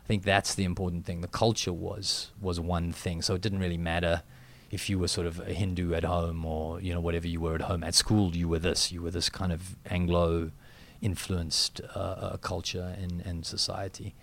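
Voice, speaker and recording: A middle-aged South African man, a guest in an interview, speaking reflectively and haltingly with many fillers and restarts. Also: deep voice, little pitch movement, vocal fry. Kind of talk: interview conversation.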